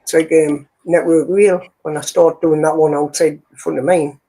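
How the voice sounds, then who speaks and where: Brief: man, husky and warm, who talks steadily through a story. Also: a little high, normal speed. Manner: steady, quotes conversations with "I says". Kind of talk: casual chat.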